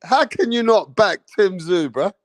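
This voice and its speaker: A man hosting a boxing reaction stream, his voice pitched high for a man as he delivers a profane, mocking rant. He drags his words out slowly and keeps circling back to the same taunts. The sound is close and dry. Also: lively intonation, no echo. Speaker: boxing commentator host. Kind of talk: ranting reaction commentary.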